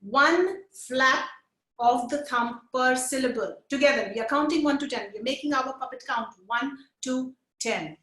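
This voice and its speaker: A woman teaching puppet lip sync in a live webinar, energetic and coaxing, counting along with her viewers over a video call. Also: high-pitched, moderate pace, roomy sound.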